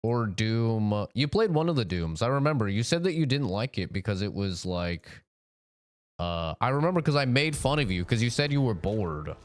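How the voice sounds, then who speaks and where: Low-voiced chatty male game streamer. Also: big pitch swings, normal speed, no room sound. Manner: chatty, rambling, greets chat by name. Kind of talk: casual live-stream commentary. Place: home streaming setup.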